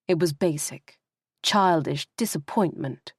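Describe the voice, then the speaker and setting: A woman narrating an audiobook in a measured, expressive reading. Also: low voice, slightly rough, no echo, studio quality. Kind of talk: scripted narration.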